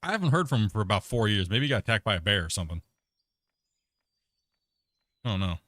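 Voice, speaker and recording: With a lowish, slightly bright voice, a man hosts a gaming livestream at a quick pace and with lots of animation. He rambles in a laid-back way, laughs at himself, and leans on "bro" and "you know what I mean," recorded cleanly in a studio with no echo.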